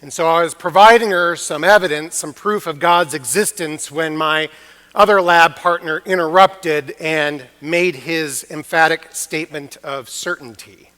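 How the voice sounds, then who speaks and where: A man delivers a chapel sermon in a high, bright voice, unhurried and deliberate. He tells his story earnestly, leaning on emphatic pauses. His words ring out with the long reverb of a chapel hall. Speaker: preacher. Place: university chapel.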